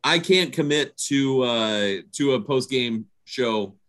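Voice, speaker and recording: A man's voice: mid-range voice, slow pace, background noise. A man co-hosting a podcast in casual sports chat, stammering and self-deprecating, laughing easily. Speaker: podcast co-host.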